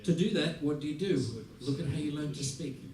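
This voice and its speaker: Animated man teaching in a roomy hall. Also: fairly high pitch, fairly quick, far from the mic, crowd noise. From Australia. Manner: lively, playful, acts out little scenes. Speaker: music teacher giving a masterclass. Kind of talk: masterclass talk. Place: large theater hall. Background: audience laughter.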